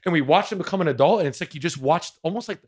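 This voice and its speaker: A man's voice: a little high, expressive, very fast, a little mellow. Reflective man in his thirties. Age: 30s. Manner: reflective, thoughtful, leans on "you know what I mean". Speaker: podcast co-host. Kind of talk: casual podcast chat.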